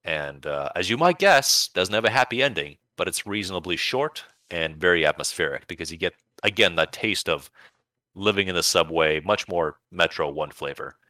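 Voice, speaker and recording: Low-voiced guy rambling about games on a podcast, punchy tone, dry close sound. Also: animated, moderate pace, bright, forceful tone, no echo. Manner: enthusiastic, rambling, with bursts of playful emphasis. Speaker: podcast co-host. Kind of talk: casual chat reviewing video games.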